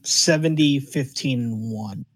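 A man's voice: mid-range voice, slow pace, loud music behind the voice, poor audio. A man in casual podcast chat, enthusiastic and swearing, with many fillers.

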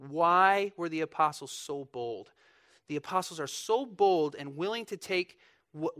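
A young man preaching a lively, joking sermon in church, bursting into loud mock voices. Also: fairly high pitch. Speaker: pastor.

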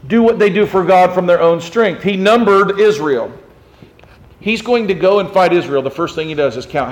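Animated high-voiced man preaching. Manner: animated, swings from low to high and emphatic. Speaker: pastor. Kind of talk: sermon.

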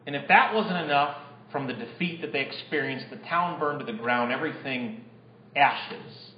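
A man's voice: mid-range voice, moderate pace, slight background noise. A male pastor preaching a sermon to his congregation, putting rhetorical questions to them. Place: church. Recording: echoey, dull lo-fi church recording.

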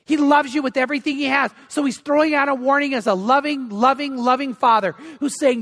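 A man's voice: extremely high pitch, fairly even intonation, fairly quick, a bit bright, in a large hall. An older man, a grandfather, preaching a sermon as pastor, earnest and repeating phrases for emphasis. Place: church.

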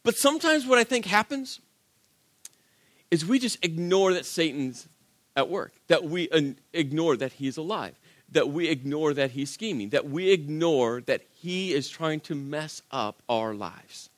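High-voiced male pastor preaching. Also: expressive, measured pace, dry recording. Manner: conversational and emphatic, with rhetorical questions. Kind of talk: sermon.

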